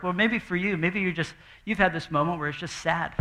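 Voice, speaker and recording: Brief: young male pastor, high bright voice, chatty and animated, preaching on a stage. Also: fairly quick, few pauses. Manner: animated and conversational, acting out quoted voices. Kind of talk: sermon. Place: church stage before a congregation.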